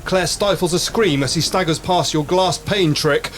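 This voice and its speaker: A man's voice: fairly high pitch, normal speed. A man acting as game master, narrating a tabletop game dramatically. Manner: dramatic, storytelling. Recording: noisy podcast recording.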